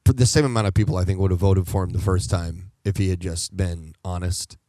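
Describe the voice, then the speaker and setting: A man in a casual podcast chat who makes dry, deadpan jokes. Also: deep voice, fairly quick, no room sound. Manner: deadpan joking.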